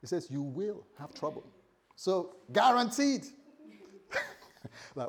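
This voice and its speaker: A man preaching a sermon as pastor, animated, swinging between loud bursts and quiet asides, often acting out the voices of others. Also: sits high, slow, pauses often, a little hiss or hum.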